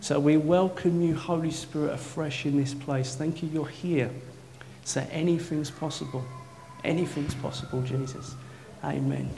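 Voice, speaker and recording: A man preaching a sermon in a church, swinging from jokey banter to soft, intimate prayer. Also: on the high side, steady tone, normal speed, gravelly, background noise. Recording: long hall reverb, faint ambience.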